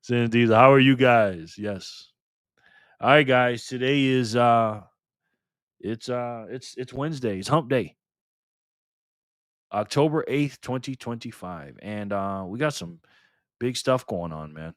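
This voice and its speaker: A man's voice: mid-range voice, slow pace, long pauses, no room sound, studio quality. An older man hosting a live stream in a casual, chatty way, thanking viewers by name and swearing now and then.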